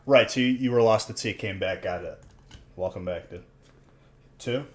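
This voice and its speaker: A man's voice: lowish voice, normal speed. Joking man hosting a livestream. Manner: joking banter with chat, says "dude" a lot; tallies scores and counts cards aloud. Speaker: livestream host opening trading card packs. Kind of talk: casual livestream commentary.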